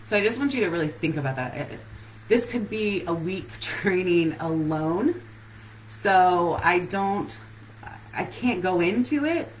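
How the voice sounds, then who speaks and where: A woman's voice: lowish voice, expressive, measured pace, a little hiss or hum, poor audio. A woman relationship coach giving an earnest live-streamed talk that puts many questions straight to her listeners.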